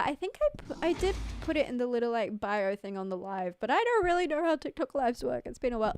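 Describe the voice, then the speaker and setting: A woman's voice: on the high side, big pitch swings, fast, few pauses, a little mellow, a little hiss or hum. A young woman, chatting on a casual livestream in a rambling, giggly way full of fillers. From New Zealand. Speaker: streamer.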